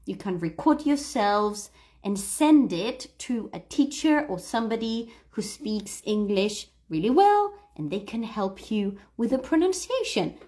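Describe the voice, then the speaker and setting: A woman teaching English in a livestream, coaching listeners to read aloud and repeat, stressing key words slowly and clearly. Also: mid-range voice, dark tone.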